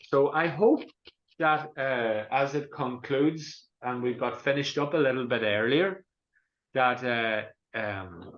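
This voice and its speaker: An Irishman from Donegal chats his way through an online talk, wandering off and restarting sentences as he goes. His voice sits at an ordinary middle pitch and comes over a video call. The sound is roomy and somewhat dull. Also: slow pace, fairly bright tone. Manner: rambling, chatty, frequent restarts. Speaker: guest presenter. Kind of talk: online cultural presentation.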